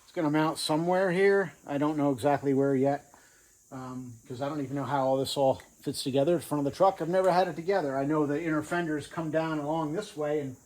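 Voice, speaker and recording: A man's voice: fairly high pitch, a little fast, darkish tone, low-quality recording. A man casually narrating his truck build in a home garage, offhand and thinking aloud with fillers. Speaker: garage vlogger.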